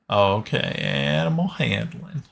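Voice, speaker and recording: A man playing in a tabletop game, chatting casually in a slow, rambling way. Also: mid-range voice, gravelly, fairly bright tone. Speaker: tabletop player.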